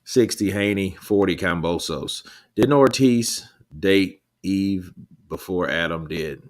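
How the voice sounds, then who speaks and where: A man hosts a live boxing stream, talking casually to his viewers. His voice sits very low and deep. He rambles, swears freely and answers the chat between thoughts. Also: slow. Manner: loose, rambling, swears, laughs often. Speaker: livestream host reading chat.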